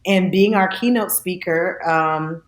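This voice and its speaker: A woman's voice: lowish voice, slow pace, slight background noise. Woman, entertainer guest, bubbly storyteller, echoey room. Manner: animated, acts out quotes with laughs. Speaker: actress and singer, interview guest. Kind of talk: lively interview storytelling.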